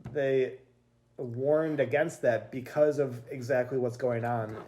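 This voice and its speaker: Woman podcast host, extremely low and mellow voice, hesitant, faint hiss. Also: steady tone, slow pace. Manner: hesitant, restarts sentences, laughs often. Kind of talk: casual political chat.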